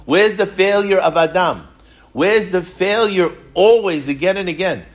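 Unhurried and pitched high, a man leads a Torah class, his storytelling animated and full of rhetorical questions.

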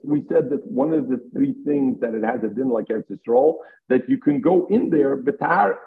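On a tinny phone line, a Talmud teacher with a medium-pitched male voice and some vocal fry leads a lesson at a moderate pace. He works through it step by step, mixing Hebrew and Aramaic terms into his English.

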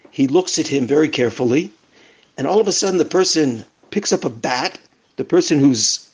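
A man with a husky, breathy voice gives a recorded lesson on prayer. He explains point by point and tells stories, often restarting his sentences. His voice sits fairly high for a man. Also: a little mellow. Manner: storytelling, explanatory, with frequent restarts. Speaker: Torah teacher.

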